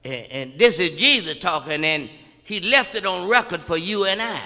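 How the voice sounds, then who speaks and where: Preacher man, bright reverberant voice. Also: high voice, animated. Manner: repeats words in halting restarts, builds from quiet to shouting. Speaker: pastor. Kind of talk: preaching a sermon. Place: church sanctuary. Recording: long reverb of a church hall.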